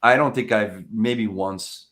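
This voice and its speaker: A man chatting casually on a podcast about cold calls, animated, laughing often and acting out phone calls in quoted voices. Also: on the low side, takes it slowly. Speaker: sales development rep.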